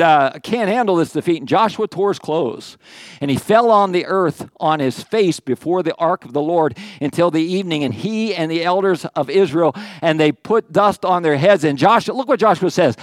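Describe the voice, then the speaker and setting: A male pastor preaches in a relaxed, conversational manner, slipping in jokes and frequent checks with his listeners. His voice sits a little high for a man. The sound is dry and close. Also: moderate pace, no room sound. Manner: conversational, joking asides, frequent "okay". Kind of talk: sermon.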